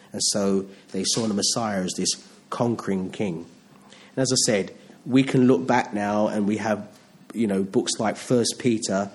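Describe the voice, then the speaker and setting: Male preacher, middle-aged, conversational sermon delivery, frequent rhetorical questions. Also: lowish voice.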